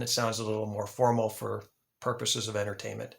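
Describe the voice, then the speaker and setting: A man hosting an English lesson, slowly repeating example phrases and spelling words out. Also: lowish voice, flat delivery, gravelly, fairly bright tone. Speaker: ESL teacher and channel host. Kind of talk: slow, deliberate English lesson.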